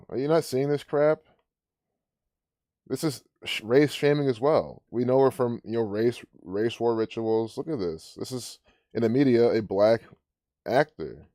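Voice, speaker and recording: A man's voice: mid-range voice, warm tone, dry recording. Man, channel host, casual commentary, scornful, sarcastic, dry close sound. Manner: scornful, sarcastic, breaks into laughter.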